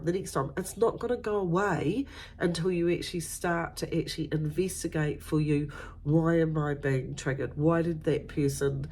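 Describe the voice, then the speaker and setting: A woman's voice: low-pitched, darkish tone, husky. A middle-aged woman, talking earnestly and conversationally as a spiritual medium, often repeating herself. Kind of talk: spiritual guidance talk.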